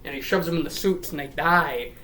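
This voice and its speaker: A woman's voice: low-pitched, fairly quick, a bit bright, slight background noise, low-quality recording. A woman rambling through a profane, comedic retelling of a story. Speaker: lore storyteller.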